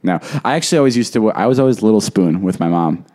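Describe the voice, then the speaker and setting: Cursing, low-voiced podcast guy. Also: lively intonation, fast talker, mellow. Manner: profane, rambling storyteller who laughs often. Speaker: podcast co-host. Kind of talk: casual podcast chat.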